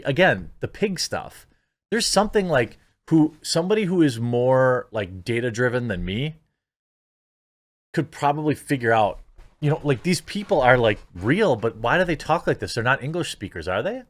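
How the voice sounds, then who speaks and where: A man in a mid-pitched voice talks through online commentary in a loose, rambling way. He leans on filler words and sounds openly incredulous as he reacts. The recording is dry and close, with no room sound. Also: very animated, moderate pace, dry recording. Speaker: YouTube commentary host.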